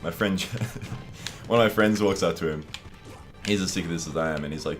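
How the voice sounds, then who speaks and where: A man's voice: low-pitched, moderate pace, faint music behind. A young Australian man co-hosting a casual gaming chat, telling a story with lots of swearing and acted-out voices. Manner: animated, swearing, acts out voices in his stories. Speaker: co-host.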